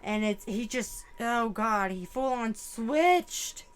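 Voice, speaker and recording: Young woman, tarot reader, higher voice, unhurried delivery, emotional and blunt, swears freely. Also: animated, clear, resonant tone. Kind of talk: channeled psychic reading.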